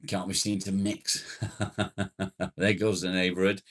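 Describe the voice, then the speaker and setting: A man's voice: low voice, flat delivery, measured pace. A man hosting a casual livestream, greeting viewers by name and bantering jokily as he reads their comments. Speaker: livestream host. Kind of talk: casual live chat, reading viewer comments.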